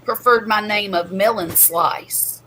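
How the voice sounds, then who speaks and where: A woman's voice: medium pitch, slow pace, bright, forceful tone, a little hiss or hum, poor audio. A woman, hosting a chatty livestream from home and laughing often. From US Gulf Coast. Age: 50s. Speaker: livestream host. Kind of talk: casual livestream chat.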